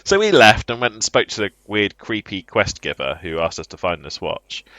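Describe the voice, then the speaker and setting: A man co-hosting a podcast, telling a tabletop game story in a lively, laughing way. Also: fairly low pitch, moderate pace, no echo, lo-fi sound. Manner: animated, laughing as he tells the story. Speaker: podcast co-host.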